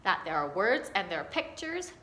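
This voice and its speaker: Bright, animated woman teaching in an echoey room. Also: mid-range voice. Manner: slow, clear, sing-song storytime delivery. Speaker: kindergarten teacher. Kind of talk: recorded update for parents. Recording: echoey room, faint hiss.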